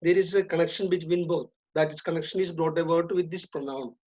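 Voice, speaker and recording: A woman teaching an English grammar lesson, speaking deliberately, repeating and stressing key terms. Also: deep voice, warm tone, breathy edge. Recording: dull lo-fi recording.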